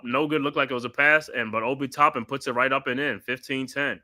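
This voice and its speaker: Man host, bright forceful voice, live play-by-play call with casual asides. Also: medium pitch, steady tone, fast talker, hardly any pauses. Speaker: watch party host calling the game.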